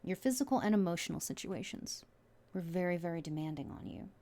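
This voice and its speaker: A woman's voice: on the low side, brisk. Woman tarot reader, chatty and heartfelt, gets giddy and breaks off mid-sentence. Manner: excitable, emotional, often trails off and restarts. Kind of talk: casual tarot reading to viewers.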